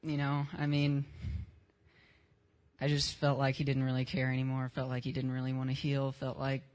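A man's voice: medium pitch, completely flat delivery, normal speed. A young man in his teens giving a casual spoken testimony at a church service, telling his story in plain, unpolished words with some slang.

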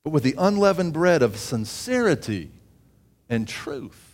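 A man preaching a sermon, reading scripture aloud with asides and often rising in pitch and volume for emphasis. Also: sing-song, unhurried, darkish tone.

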